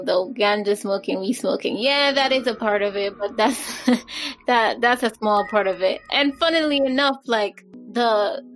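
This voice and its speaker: Woman interview guest, halting casual answers, soft music bed. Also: medium pitch, rough recording. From Jamaica. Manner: hesitant, searching for words. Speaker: guest educator.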